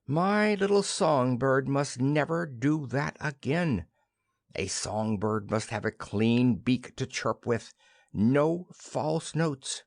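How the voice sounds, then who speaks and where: A man's voice: medium pitch, lively intonation, takes it slowly, no room sound, clean studio sound. A man voicing a patronizing middle-aged husband who scolds and talks down to his wife. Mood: condescending. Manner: scolding, condescending.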